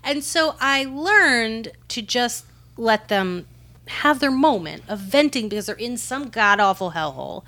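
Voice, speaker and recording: A woman's voice: fairly high pitch, expressive, measured pace, pushed and bright. A woman telling candid, profane stories in casual podcast chat, packed with "like" fillers. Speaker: storyteller on a podcast panel.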